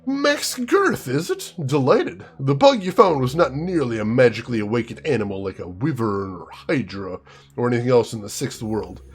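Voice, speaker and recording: Guy doing a smug elf lecturer voice, bouncy pitch, bit husky. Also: sing-song, moderate pace. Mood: arch. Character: painted, arch male elf scholar.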